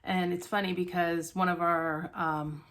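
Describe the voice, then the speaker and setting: A woman with a lowish voice chats to her viewers from home about her stitching. She sounds out of breath and rambles, full of ums and false starts. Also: flat delivery, a little slow, fairly bright tone. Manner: rambling, many ums and restarts. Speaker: stitching vlog host. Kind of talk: casual chat to viewers.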